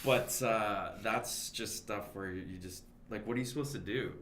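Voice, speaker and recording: A man, an actor, telling a lively audition story in casual chat and quoting his own thoughts. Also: fairly low pitch, normal speed, roomy sound, a little hiss or hum. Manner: animated, retells his own thoughts as quotes. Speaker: actor guest at a roundtable.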